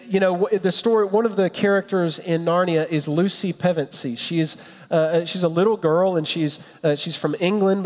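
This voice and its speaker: A man preaching a sermon in an earnest, reflective way, with a storyteller's pauses. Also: on the high side, darkish tone. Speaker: pastor. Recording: long reverb.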